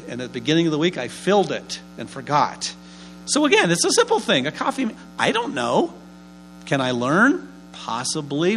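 Male pastor, higher register, lively sermon delivery with self-answered questions and folksy humor; faint hum underneath. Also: low-quality recording. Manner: lively, asks and answers his own questions; homely humorous asides.

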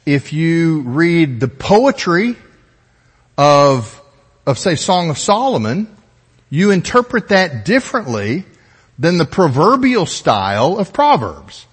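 Male pastor, teaching sermon; high, animated delivery, long hall reverb. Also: slow, slightly rough. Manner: explanatory, methodical, conversational asides.

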